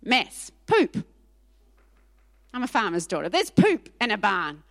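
A woman pastor preaching a sermon in an animated, emphatic way, repeating phrases for effect. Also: mid-range voice, brisk, creaky.

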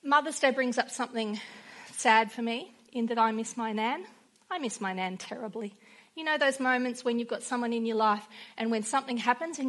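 A woman's voice: a little high, brisk, fairly bright tone. A woman preaching a sermon in an earnest way, weaving in personal stories.

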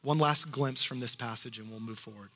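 Expressive male pastor in reverberant hall. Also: mid-range voice, a little fast. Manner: expressive, dropping to soft hushed tones for emphasis; conversational asides. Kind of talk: sermon.

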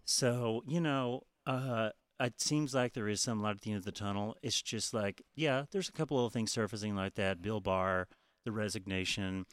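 A man's voice: on the low side, normal speed, smooth, no echo, studio quality. A man co-hosting a podcast in a casual, profane, chatty way, often laughing. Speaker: podcast co-host. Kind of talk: casual chat.

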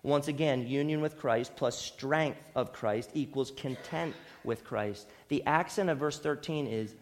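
A male pastor preaching a sermon, swinging between loud emphatic repetition and hushed, quieter asides. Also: on the high side, slow pace.

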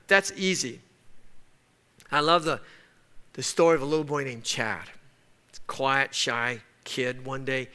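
A man's voice: fairly high pitch, sharp tone. A man preaching a sermon, telling a story and then pressing his point with rising emphasis. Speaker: pastor.

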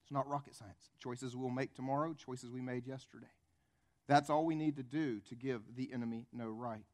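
A man's voice: mid-range voice, fairly even intonation, normal speed. A male pastor preaching a conversational sermon full of rhetorical questions and acted-out stories.

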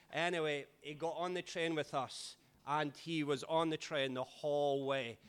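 A Scottish man, a pastor, giving a chatty, relaxed sermon with stories and fillers. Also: fairly high pitch, moderate pace, few pauses, clear, resonant tone. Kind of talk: informal sermon storytelling.

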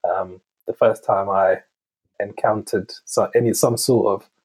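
A man co-hosting a podcast, talking in a halting way and often searching for his words. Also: fairly low pitch, steady tone, a little mellow, slightly rough. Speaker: podcast co-host. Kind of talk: casual chat.

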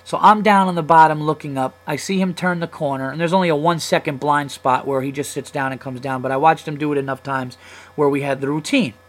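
A man's voice: fairly high pitch, quick pace, low-quality recording. A man in his thirties hosting a comedy podcast, telling a long story in a casual, profane, heated way. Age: 30s. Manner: profane, heated, animated retelling.

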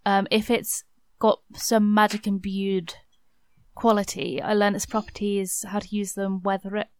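A woman's voice: mid-range voice, little pitch movement, a little slow, no room sound. A woman playing a tabletop game, who carefully explains how a spell works. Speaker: player.

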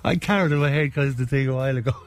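A man's voice: mid-range voice, racing. A middle-aged Irish man hosting a casual chat show, joking, laughing often and reading out listener messages. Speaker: radio host.

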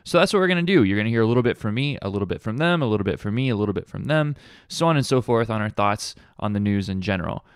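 Chatty male podcast host, smooth voice. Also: fairly low pitch, animated, rapid-fire, dry recording, studio quality. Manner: wry, chatty, lots of fillers. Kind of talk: casual podcast intro.

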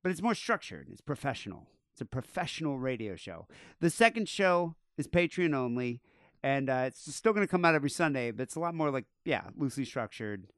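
A male podcast host chats in a relaxed way and makes crude, offhand jokes. His voice is smooth and clean at an ordinary pitch. It is recorded dry and close to a studio mic. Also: fairly quick, no echo. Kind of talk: casual chat.

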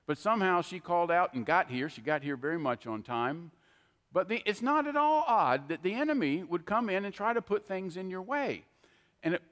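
A man's voice: sits high, fairly bright tone, long reverb tail. A man preaching a sermon, emphatic and repeating key phrases for weight.

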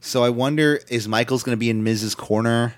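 A man's voice: medium pitch, brisk, dry recording. A man co-hosting a casual podcast, recapping wrestling in a loose, profane way and acting out quotes in silly voices. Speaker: podcast co-host.

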